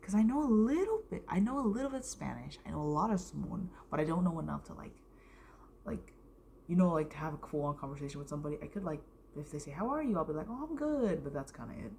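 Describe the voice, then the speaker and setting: Young adult woman from the US, casual vlogger, rambling delivery with heavy vocal fry and the odd whisper. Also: sits low, lively intonation, quick pace, a little mellow, a little hiss or hum. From United States. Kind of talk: casual storytime vlog.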